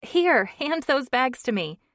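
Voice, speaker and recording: A woman narrator voicing a wary young woman who asks pointed, indignant questions at a raised pitch. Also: big pitch swings, slow, fairly bright tone, no echo, studio quality, exaggerated voice.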